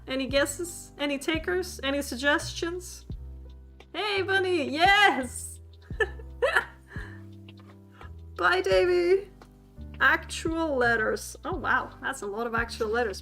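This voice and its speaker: Woman, playful livestream lesson, giggly, sharp bright tone, high pitch. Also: normal speed, soft background music. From Sweden. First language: Swedish. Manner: giggly, laughs often, playful and chatty with chat. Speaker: streamer teaching a language class.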